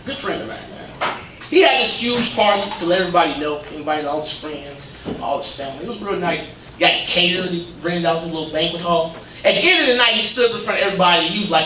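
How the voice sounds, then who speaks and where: A man performing a stand-up comedy set, telling stories in an animated way and slipping into quoted voices of his friends. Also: sits high, quick pace. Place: legion hall stage, live audience. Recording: echoey hall, captured from a distance, noisy. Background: audience laughter.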